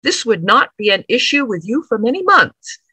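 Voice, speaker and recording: A woman voicing a lecherous elderly male lawyer with a smooth, condescending manner. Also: a little high, big pitch swings, normal speed, sharp tone, dry recording, heavily acted, poor audio. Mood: insinuating.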